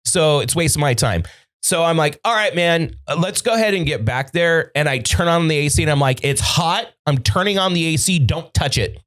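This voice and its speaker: A man's voice: fairly high pitch, a little fast. A man hosting a podcast, telling a story in casual chat with lots of swearing and acted-out quotes, recorded in a studio. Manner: profane, animated storyteller acting out quoted dialogue. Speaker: podcast host.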